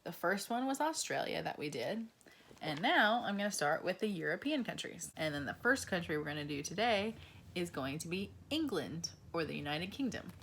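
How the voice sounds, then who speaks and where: Woman, young adult, kids' teacher; low-pitched, slow and encouraging, faint noise under her voice. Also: big pitch swings, vocal fry, fairly bright tone. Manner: slow, encouraging, asks children questions. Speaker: preschool teacher. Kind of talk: children's lesson.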